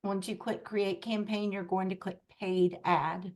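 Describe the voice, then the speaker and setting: A woman tech coach leading a live online training over a video call, explaining at an unhurried pace and often checking in with her listeners. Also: medium pitch, little pitch movement, a little mellow.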